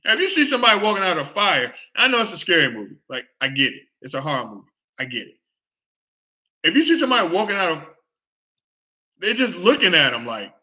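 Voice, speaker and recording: A man hosts his own live online sports and culture show, ranting casually to viewers in a very animated, fairly quick voice with a sharp tone, the highs cut off. He talks loosely, repeats himself, exclaims a lot, and acts out scenes in a falsetto shriek.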